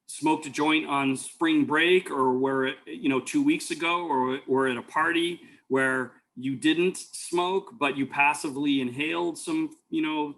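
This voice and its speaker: A man's voice: fairly high pitch, fairly bright tone. A man teaching an EMT class, telling rambling stories full of fillers and restarts. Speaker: EMT instructor. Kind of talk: lecture with personal stories.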